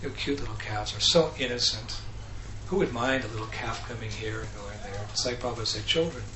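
Animated man telling devotional stories. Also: medium pitch, a little fast, a little hiss or hum. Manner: animated, acts out characters, laughs often. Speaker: speaker. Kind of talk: devotional storytelling talk. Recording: echoey room with faint ambience.

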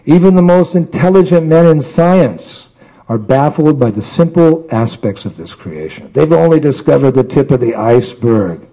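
Man preacher, husky and mellow, storytelling sermon with playful character voices. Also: on the high side, animated, normal speed, poor audio.

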